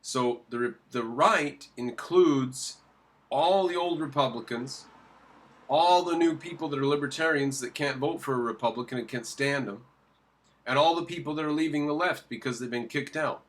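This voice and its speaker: Male commentator reacting to a clip, mid-pitched, emphatic, answers his own rhetorical questions. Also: normal speed. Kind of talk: opinionated commentary.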